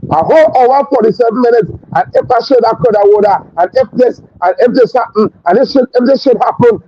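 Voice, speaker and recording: A man's voice: extremely high pitch, slightly rough. A man with a Trinidadian accent hosting a talk show, delivering a fiery, scornful political rant full of repetition. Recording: dull lo-fi stream audio with faint hiss.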